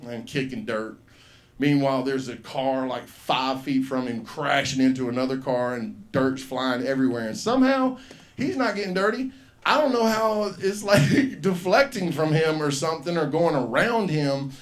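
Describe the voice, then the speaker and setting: On a comedy club stage, a man from the US South hosts an open mic, rambling unhurriedly through a profane stand-up story in a medium-pitched voice and acting out the voices in it.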